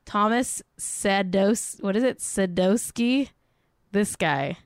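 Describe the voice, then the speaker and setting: A woman's voice: medium pitch, takes it slowly, no echo, clean studio sound. A young woman hosting a casual celebrity gossip podcast, chatty and self-mocking, swearing now and then and saying "like" a lot. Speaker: podcast host.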